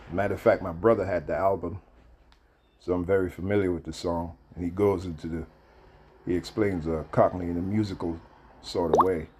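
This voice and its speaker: A man in his fifties hosting a video, chatting and reading aloud in a halting way with many fillers and restarts. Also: low voice, a little mellow, slight background noise. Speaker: video host. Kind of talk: casual commentary and reading aloud.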